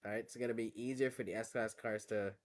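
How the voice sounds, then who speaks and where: A man's voice: fairly low pitch, fairly even intonation, fairly quick. A man streaming a racing game, chatting casually with slang and frequent laughs. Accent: West African English on the phone call. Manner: laid-back slangy banter, laughs often. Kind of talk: casual gaming stream chat.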